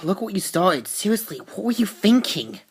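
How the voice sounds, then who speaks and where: A woman voicing a serious young male vigilante who speaks quietly and tersely. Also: medium pitch, sing-song, moderate pace, husky, heavily acted.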